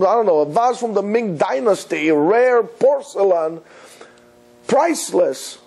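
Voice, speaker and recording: A rabbi giving a Torah lecture in a high, gravelly voice with a husky edge. He teaches with earnest emphasis, weaving Hebrew words into his English. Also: darkish tone.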